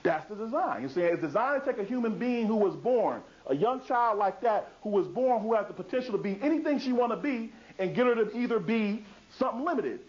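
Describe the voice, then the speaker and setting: A man's voice: high-pitched, animated, fairly quick, hardly any pauses. A man giving a public lecture in an emphatic, repetitive way, asking rhetorical questions and answering them himself. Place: lecture hall. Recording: dull lo-fi 2000s video recording.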